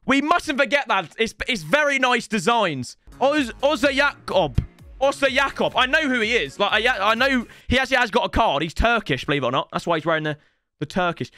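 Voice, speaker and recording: Young YouTuber, high bright voice, bouncy excitable unboxing chatter. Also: male voice, brisk, no echo, soft background music. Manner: excitable, rambling, jokey. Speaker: football gaming YouTuber. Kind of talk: casual unboxing chat to viewers.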